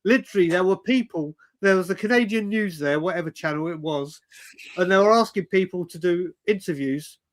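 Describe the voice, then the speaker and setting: A man's voice: high voice, a little fast. A man, telling stories animatedly on a casual live stream, swearing and saying "mate" constantly. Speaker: co-host.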